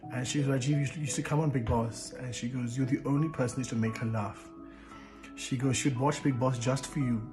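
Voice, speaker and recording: A man who is a reality show contestant, telling a touching story to camera in an earnest, emotional way, repeating himself and restarting often. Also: mid-range voice. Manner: earnest, repetitive, many fillers and restarts. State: emotional, close to tears.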